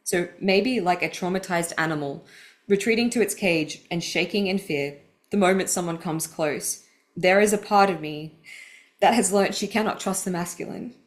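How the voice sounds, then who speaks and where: A woman with a somewhat low voice reads from her own writing, stopping to add personal asides. She sounds earnest and vulnerable, and grief keeps rising in her voice as she reads. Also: moderate pace. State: emotional, voice welling with grief. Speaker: podcast host.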